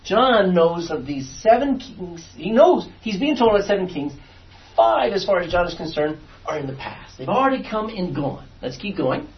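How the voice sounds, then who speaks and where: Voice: mid-range voice, big pitch swings, normal speed. A Bible study teacher leading a class, reading verses aloud, explaining them and quizzing the students as they go. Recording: distant, dull lo-fi room recording.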